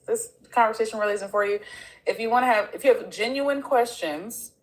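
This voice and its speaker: A woman's voice: medium pitch, poor audio. Woman laying down live-stream rules. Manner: firm, laying down ground rules. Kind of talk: casual live-stream chat.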